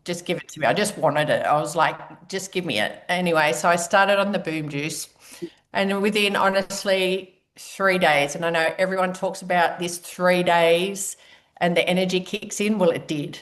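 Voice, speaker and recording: A woman's voice: fairly low pitch, moderate pace. Chatty woman telling her story. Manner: chatty, animated storyteller acting out her own reactions. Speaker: guest speaker. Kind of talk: personal story talk.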